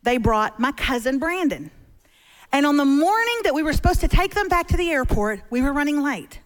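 A middle-aged woman preaching as a guest speaker from a church stage, telling stories with animated humor. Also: sits high, a little fast. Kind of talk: sermon. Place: church stage before a congregation.

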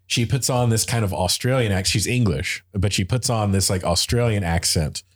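A man's voice: lowish voice, normal speed, slightly rough. A man talking casually and enthusiastically about music, rambling with lots of fillers and restarts.

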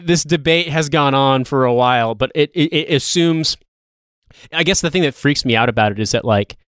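A man's voice: medium pitch, normal speed, a bit bright, clean tone, no echo, clean studio sound. A man co-hosting a podcast in casual chat, rambling with stumbling restarts and swearing. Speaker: podcast co-host.

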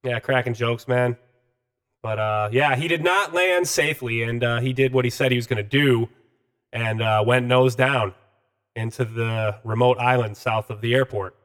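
A man's voice: mid-range voice, fairly even intonation, normal speed, fairly bright tone, clear, resonant tone. A man co-hosting a podcast in casual chat, laid-back and profane, with lots of "uh". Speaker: podcast co-host.

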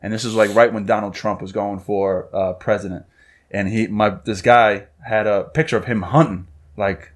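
A man's voice: fairly low pitch, steady tone, normal speed. A man from New York hosting a podcast, telling stories casually and acting out what people said. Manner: storytelling, acts out quotes. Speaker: podcast host.

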